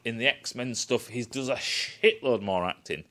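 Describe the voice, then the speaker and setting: A man's voice: mid-range voice, unhurried, a bit bright. A young man ranting sarcastically about a film, swearing often and mocking the characters. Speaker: film reviewer. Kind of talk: casual ranting film critique.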